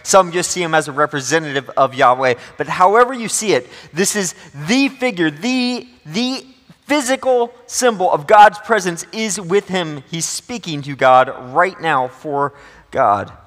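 A man's voice: on the high side, expressive, a little slow, fairly bright tone. A male pastor preaching a sermon in a conversational, joking way, with a long church reverb. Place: church sanctuary.

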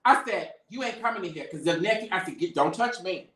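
Bright-voiced man retelling what he saw. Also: high voice, fairly quick, reverberant. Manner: lively eyewitness retelling, acts out quotes. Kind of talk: casual storytelling chat.

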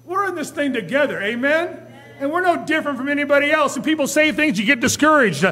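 A man, a pastor, preaching a sermon in a church, swinging between quiet asides and loud, rising appeals and acting out whiny quotes. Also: extremely high pitch, expressive, fast talker, big-room sound. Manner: preaching with sudden rises and drops in loudness, acting out whiny quotes. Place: church sanctuary.

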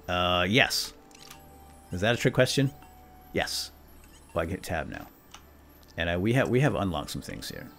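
A man giving excitable, jokey commentary while playing a video game. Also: deep voice, moderate pace, creaky, long pauses, faint music behind. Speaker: let's play gamer. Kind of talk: casual gameplay commentary.

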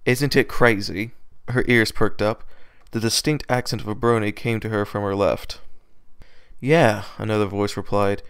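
A man reading a fan-written story aloud at home, steady with small slips and restarts, close to his microphone. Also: on the low side, fairly quick, few pauses, clear, resonant tone, dry recording. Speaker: fan fiction reader. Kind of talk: amateur read-aloud narration.

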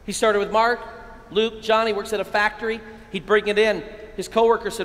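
A middle-aged American priest giving an excitable, energetic keynote talk to a men's conference, with sudden loud bursts. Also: male voice, sits high, moderate pace. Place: large hall at a conference. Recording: echoey hall, long reverb.

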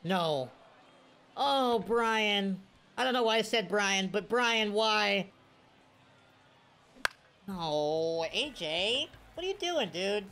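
A young man giving live commentary over his own gameplay, swinging from quiet mutters to sudden shouts. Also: high voice, expressive, drawn-out words, long pauses, slight background noise. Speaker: gaming video creator.

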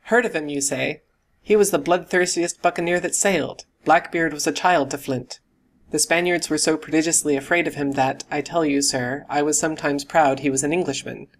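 Blustering middle-aged squire, put on by a male narrator, loud and exclamatory, pitched up. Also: fairly even intonation, moderate pace, close to an everyday voice. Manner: booming, exclamatory.

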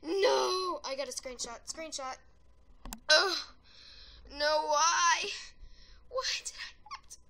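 A woman giving excitable gameplay commentary, yelling and gasping at wins and deaths and rambling chattily between rounds. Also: high voice, measured pace, pauses often. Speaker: gaming video creator.

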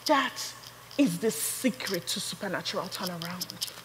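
A young adult woman preaching a sermon, building from storytelling to fervent, shouted praise. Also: fairly low pitch, lively intonation, measured pace, long reverb tail, background noise.

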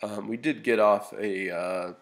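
A man with a somewhat low, gravelly voice walks through a tabletop battle report in a relaxed, casual way. He sounds a little sniffly and stumbles through fillers and restarts, slipping in dry humor as he talks. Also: a little slow. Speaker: hobby gamer reporting a battle. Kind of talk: casual narrated battle report over photos.

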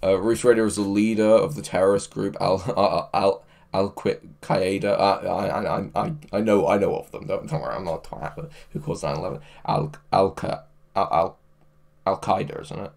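A man's voice: low voice, steady tone, moderate pace, vocal fry, darkish tone. Crude, joking man on stream. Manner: crude, joking, laughs often. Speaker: livestream host. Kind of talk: casual stream chat, reading chat aloud. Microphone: headphones with mic.

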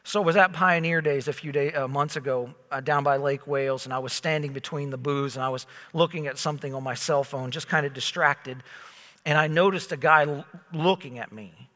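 A man preaching a sermon in a church, telling stories in a lively, conversational way. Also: a little high, a little fast, big-room sound. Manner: conversational, animated storytelling. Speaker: pastor. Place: church sanctuary.

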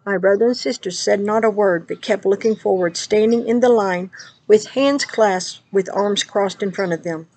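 A woman's voice: medium pitch, normal speed, a little mellow, husky, no echo, poor audio. A woman praying fervently and then recounting a dream. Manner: fervent spoken prayer. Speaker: dream teller.

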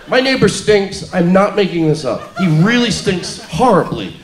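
High, animated man doing stand-up. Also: normal speed. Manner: mock-earnest, acting out quoted people. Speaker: stand-up comedian. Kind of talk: live stand-up set. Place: comedy club stage before a laughing audience. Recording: echoey live club with crowd noise.

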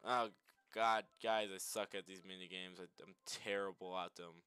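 A man's voice: deep voice, steady tone, normal speed, sharp tone, smooth, dry recording, clean studio sound. A man giving casual, sarcastic let's-play commentary, mumbling and swearing as he plays. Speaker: gamer, video creator.

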